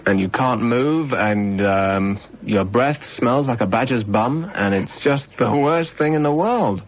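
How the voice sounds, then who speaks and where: A man's voice: medium pitch, a little slow. Man, UK, radio phone-in host, wry and teasing, muffled 1990s broadcast, faint hiss. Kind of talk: casual radio phone-in chat. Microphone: studio microphone.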